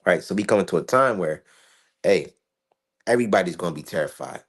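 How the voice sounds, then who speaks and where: A man's voice: deep voice, lively intonation, brisk, a bit bright, breathy edge. Emphatic man preaching Bible prophecy. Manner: emphatic, stammering restarts, swears freely. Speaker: street preacher. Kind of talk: informal Bible commentary.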